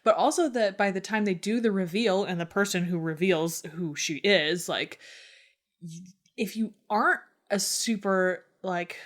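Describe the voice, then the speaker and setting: Talking books in a casual way, a young podcast co-host laughs frequently, leans heavily on "like," and swears occasionally. She speaks at a measured pace with a medium-pitched voice.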